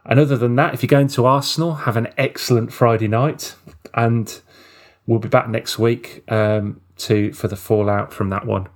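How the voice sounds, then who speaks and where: A man's voice: mid-range voice, steady tone, normal speed. A man hosting a casual fan podcast, hesitant and saying um often. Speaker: podcast host.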